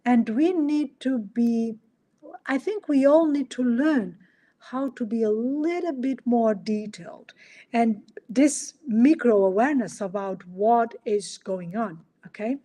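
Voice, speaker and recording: Mellow-voiced woman coaching on a podcast. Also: on the high side, takes it slowly. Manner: animated, acts out little dialogues, asks rhetorical questions. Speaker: podcast host. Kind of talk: solo coaching talk.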